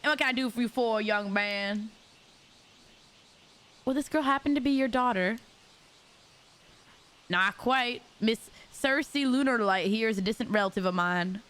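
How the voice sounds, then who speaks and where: A woman's voice: fairly high pitch, unhurried, long pauses, fairly bright tone, smooth. A woman voicing a flamboyant, pompous male fantasy writer in a fake Southern drawl, reading game dialogue aloud. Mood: grandiose. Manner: theatrical, grandiose.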